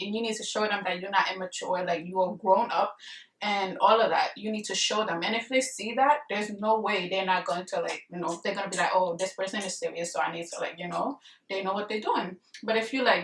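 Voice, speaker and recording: A young woman vlogger giving casual marriage advice, rambling with many fillers and speaking bluntly and emphatically. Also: mid-range voice. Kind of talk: casual advice chat to camera. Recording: echoey room, voice a bit far from the mic.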